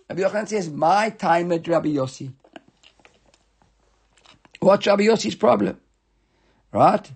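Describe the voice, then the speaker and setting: A man's voice: fairly high pitch, creaky, darkish tone, slightly rough. A man teaching an informal Talmud study class, reading passages aloud and explaining them in English with frequent restarts and self-corrections.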